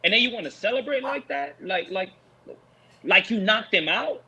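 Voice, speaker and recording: A man talking in an animated post-fight show discussion, preachy and emphatic, repeating his points for effect. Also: high voice, moderate pace, husky, muffled recording. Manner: preachy, emphatic, repeats lines for effect, mocks with put-on voices.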